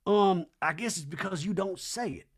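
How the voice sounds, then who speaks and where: A man voicing an earnest grown daughter who keeps her patience with her mother in a measured tone. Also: high voice, pitched above the performer's own voice. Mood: pleading.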